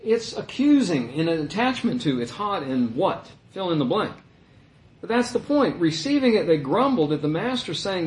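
A man leads a conversational Bible lesson, his voice placed somewhat high. He grows animated and climbs even higher when he imitates grumbling people. The room gives his voice a noticeable echo. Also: moderate pace. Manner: animated, voice rising high when quoting complainers. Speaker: Bible teacher. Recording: roomy echo.

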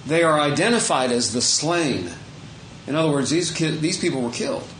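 A man's voice: on the high side, expressive, moderate pace, a little hiss or hum. Chatty preacher man in an echoey room. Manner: conversational, self-correcting, chuckles softly. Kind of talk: sermon with scripture reading.

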